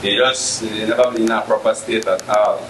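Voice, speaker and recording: Low-voiced man, rambling testimony. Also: steady tone, moderate pace, a bit bright. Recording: echoey, noisy recording.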